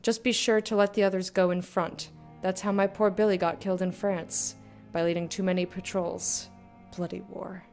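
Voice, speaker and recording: A woman's voice: mid-range voice, little pitch movement, moderate pace, few pauses, darkish tone, faint music behind, lightly acted. A woman putting on a chatty British sister. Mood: gossipy. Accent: put-on British. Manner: chatty, blunt, gossipy letter reading. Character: young working-class English woman writing her sister.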